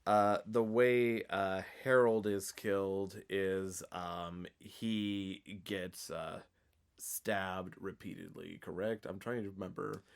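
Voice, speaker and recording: A man's voice: deep voice, fairly even intonation, slow pace, vocal fry, smooth. Rambling man in casual podcast chat. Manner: rambling, with many fillers and restarts. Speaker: podcast co-host, horror fan.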